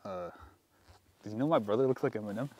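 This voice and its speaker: A young man vlogging in goofy casual banter, joking and laughing, swinging between loud bursts and mumbles. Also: medium pitch, fast.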